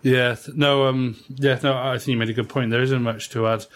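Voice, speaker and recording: A man's voice: medium pitch, fairly quick. A man hosting a casual panel discussion, speaking with many fillers and restarts. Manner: flat, hesitant, full of fillers. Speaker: podcast host.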